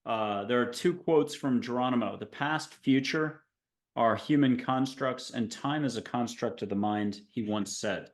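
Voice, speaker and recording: A man's voice: medium pitch, unhurried. Male podcast host reading a quote. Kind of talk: casual interview talk.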